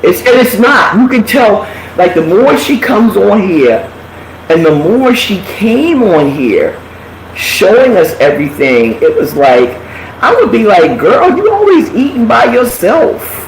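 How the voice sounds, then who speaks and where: A man's voice: high voice, unhurried. A man telling blunt, profane gossip stories in a casual live chat, talking animatedly. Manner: blunt, animated storytelling with lots of cursing. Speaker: live chat show host. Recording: echoey room, faint background hiss.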